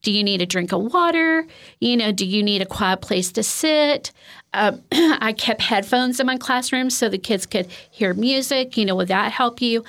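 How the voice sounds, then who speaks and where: A woman giving an informal training talk on de-escalation, conversational, with many "you know"s and ums, who acts out gentle example phrases. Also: on the high side, lively intonation, normal speed.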